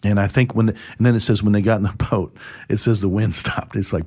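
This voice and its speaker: A man with a lowish voice hosts a relaxed church discussion. He retells scripture with energy and jumps into character voices as he acts out the lines. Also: brisk, few pauses. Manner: animated retelling, acts out dialogue with lively pitch jumps. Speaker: church podcast host. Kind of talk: conversational Bible discussion.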